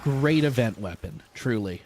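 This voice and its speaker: Animated, joking male gaming streamer. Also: mid-range voice, measured pace, noisy background. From United States. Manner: jokey, animated, chatting with viewers. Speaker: vtuber streamer. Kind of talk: casual live-stream chat while gaming.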